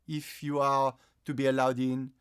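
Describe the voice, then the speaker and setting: A man's voice: mid-range voice, monotone, fairly bright tone, clear, resonant tone, natural voice. A man putting on a cool, judging Parisian man who keeps people at a distance. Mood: aloof. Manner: cool, measured, condescending.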